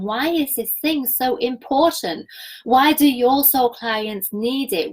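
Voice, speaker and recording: An enthusiastic woman coaching viewers live, talking about energy and alignment and reading out their comments. Her voice is husky and slightly croaky from a week of talking. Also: on the high side, rough recording. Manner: enthusiastic, spiritual, reads viewer comments aloud. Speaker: business coach. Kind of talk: live-streamed coaching session.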